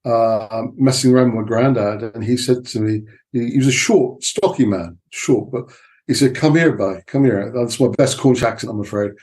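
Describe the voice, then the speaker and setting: A man's voice: mid-range voice, steady tone, moderate pace, a little mellow. A middle-aged man from England, a film director chatting as a guest and telling stories with many fillers and restarts. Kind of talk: casual interview chat.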